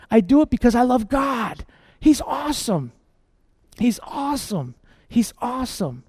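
A man's voice: sits high, a little mellow, no room sound, studio quality. A man preaching a sermon as pastor, passionate and repetitive, calling out to the congregation.

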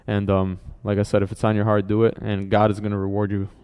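A man's voice: lowish voice, completely flat delivery, fast talker, a little mellow, smooth. A man leading a church service, making announcements and calling people up to share, encouraging and using frequent fillers.

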